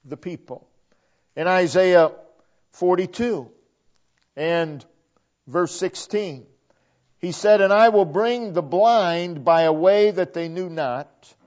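A man preaching a sermon, quoting scripture at length with emphatic, drawn-out delivery. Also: sits high, a little mellow. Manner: emphatic, drawn-out delivery with frequent Bible quotations. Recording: dull lo-fi sound.

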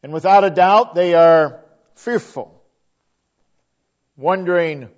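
A man preaching a sermon, building to emphatic peaks and then letting his line endings fall to a hush. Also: sits high, slow, muffled recording.

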